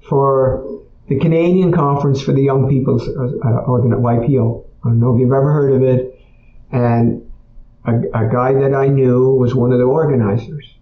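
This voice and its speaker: A man's voice: mid-range voice, a little hiss or hum. A man speaking to an audience in a conversational storytelling way. He repeats his points and often checks in with "okay?". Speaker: speaker on emotional healing. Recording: echoey, dull room sound.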